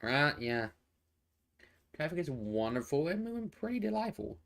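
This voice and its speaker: A man's voice: on the high side, very animated, moderate pace, vocal fry, a bit bright. A man giving casual live traffic and weather updates into a phone, rambling and repeating himself with many fillers and restarts. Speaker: amateur weather and traffic presenter.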